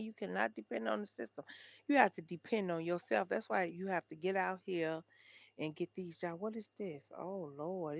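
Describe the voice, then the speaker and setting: A woman's voice: lowish voice, gravelly, no room sound, dull audio. Chatty woman on a late-night livestream. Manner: chatty, talks straight to viewers. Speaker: livestream host. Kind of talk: casual livestream chat reading headlines.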